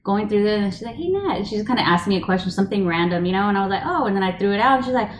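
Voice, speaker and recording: A woman's voice: mid-range voice, rapid-fire. A woman co-hosting a casual podcast chat, laughing often and telling stories with quoted voices. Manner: giggly, storytelling with quoted voices. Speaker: podcast co-host. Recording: roomy echo.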